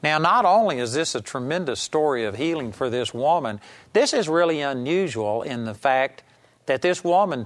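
A man teaching a sermon series on healing, talking in a conversational, emphatic way and reading scripture aloud slowly. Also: on the high side. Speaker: Bible teacher.

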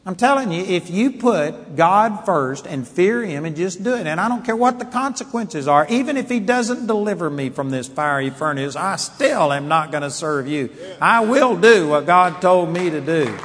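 A man preaching a sermon, telling stories emphatically and swinging from quiet asides to loud declarations. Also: high-pitched, animated, moderate pace, hardly any pauses, husky, long reverb tail.

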